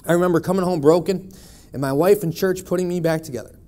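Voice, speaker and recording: A man's voice: high-pitched, fast talker, warm tone. A man in his thirties from Buffalo, New York, giving a personal testimony in church with a wry, conversational storytelling manner. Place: church sanctuary.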